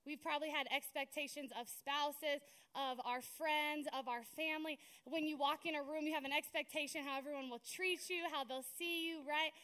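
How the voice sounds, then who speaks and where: A woman's voice: sits high, fairly even intonation, normal speed, hardly any pauses, sharp tone. A young woman preaching a sermon in a conversational, storytelling way, often checking in with "right?".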